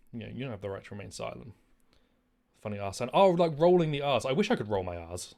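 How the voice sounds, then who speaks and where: A man's voice: mid-range voice, fast talker, creaky. Guy streaming a game, swears a lot, rambles, voice all over the place. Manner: rambling, profane, animated. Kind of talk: casual gaming commentary.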